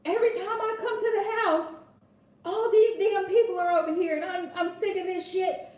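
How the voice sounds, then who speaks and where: A woman's voice: very high-pitched, fairly even intonation, moderate pace, echoey room, lo-fi sound, pitched above the performer's own voice. A woman voicing an angry father ranting about cars blocking his driveway. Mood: fed up. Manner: loud exasperated ranting.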